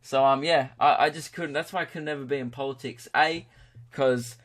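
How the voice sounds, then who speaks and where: Rambling Australian comedian, casual and crude. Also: male voice, medium pitch, steady tone, normal speed, a bit bright. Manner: rambling, impulsive, swearing, laughing at own jokes. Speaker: comedian podcast host. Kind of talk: casual solo podcast chat.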